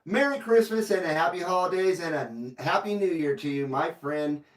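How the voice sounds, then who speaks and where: A man's voice: fairly high pitch, expressive, normal speed. A man running a CB radio livestream, greeting callers by number in a friendly, rambling way. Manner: friendly, repeats call numbers, rambling asides. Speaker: CB radio operator hosting a livestream. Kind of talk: casual radio call-outs and chat. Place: radio station room in Carson City, Nevada. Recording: roomy, distant mic, faint noise.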